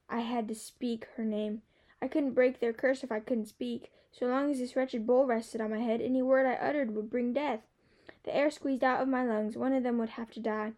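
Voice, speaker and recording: A woman narrating a first-person novel aloud in a steady, expressive way. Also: fairly high pitch. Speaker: audiobook narrator.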